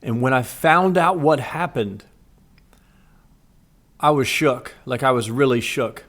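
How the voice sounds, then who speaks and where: A man vlogging, earnestly retelling a frightening day to his viewers in a casual, animated way. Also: medium pitch, slow. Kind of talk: casual storytelling to camera. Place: Los Angeles area.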